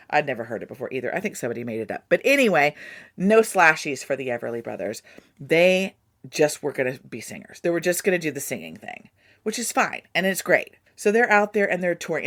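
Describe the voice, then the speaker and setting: A woman, hosting a podcast and telling a story casually, with playful asides to the listener. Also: deep voice. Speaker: podcast host.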